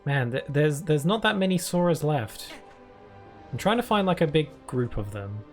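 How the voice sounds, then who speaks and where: Chatty British man, slightly high voice. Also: lively intonation, normal speed, soft background music. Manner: chatty, rambling, giggly. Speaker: streamer. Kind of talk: casual gameplay commentary.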